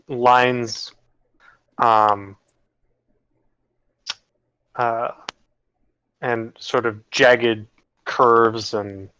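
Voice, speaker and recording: Bright-voiced casual game master. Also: male voice, medium pitch, smooth, rough recording. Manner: casual, hesitant, many fillers. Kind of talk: narrating a tabletop game.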